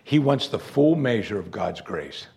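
A man preaching a sermon, moving between loud, raised emphasis and quiet, hushed lines. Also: on the low side, unhurried, vocal fry. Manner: animated, swings from loud emphasis to soft, hushed delivery.

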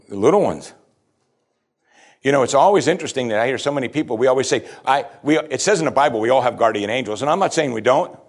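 A pastor preaching a sermon, reading scripture aloud and then explaining it in a conversational way, pushing his voice up to stress key points. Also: medium pitch. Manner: emphatic, often rising to stress a point.

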